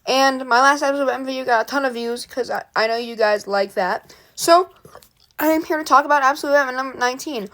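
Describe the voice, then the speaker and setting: At a quick pace, a woman whose voice is fairly high walks through a comic book story one scene at a time, chatting in an animated, easygoing way.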